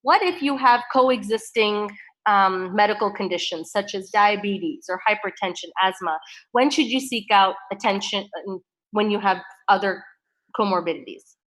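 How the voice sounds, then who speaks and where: A woman hosting an online devotional program, thanking the speaker and reading out questions in a polite, measured way. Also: medium pitch, fairly bright tone, low-quality recording. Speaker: program host, moderator. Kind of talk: moderating a Q&A.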